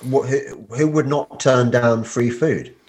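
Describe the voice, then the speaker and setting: A man's voice: medium pitch, slow, a little mellow. A man hosting a podcast, drowsy from painkillers, who rambles and stammers over his words. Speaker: podcast host. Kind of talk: casual podcast chat.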